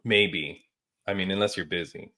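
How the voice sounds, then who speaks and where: A man hosting a casual podcast chat, telling stories in an animated, emphatic way with casual slang. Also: low-pitched, normal speed. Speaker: podcast host.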